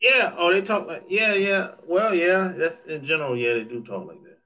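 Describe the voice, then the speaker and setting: A man's voice: high voice, expressive, moderate pace, bright, forceful tone. A man chatting casually on a livestream, joking, swearing freely and laughing often as he answers viewer comments. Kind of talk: casual chat.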